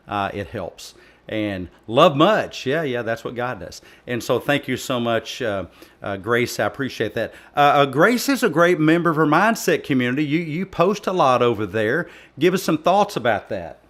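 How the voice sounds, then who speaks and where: A man's voice: mid-range voice, fairly bright tone. Earnest male panel host. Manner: earnest, encouraging, with frequent fillers. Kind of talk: hosting a live audio panel.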